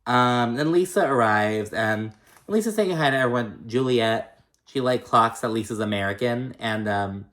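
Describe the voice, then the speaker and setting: A man's voice: mid-range voice, normal speed, fairly bright tone. A man giving a casual recap of a reality TV episode, chatty and profane, with lots of fillers and shady asides.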